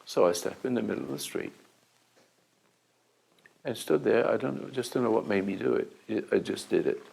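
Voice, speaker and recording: An older man acting as a self-help teacher, telling an anecdotal story to an audience in a halting way, with restarts, and acting out the dialogue. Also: lowish voice, vocal fry, darkish tone, slightly rough, low-quality recording.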